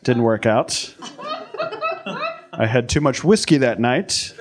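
A man doing a crude, brash stand-up comedy set on a club stage, shouting out the voices he acts out. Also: medium pitch, lively intonation, takes it slowly, background noise. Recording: live club recording, crowd laughter.

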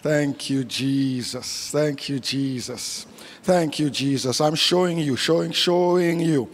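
A man with a fairly high voice delivers a prophetic prayer, repeating each phrase again and again in a chanting rhythm. He speaks as if with a divine voice, declaring what he shows the listener. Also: slow pace, a little hiss or hum.

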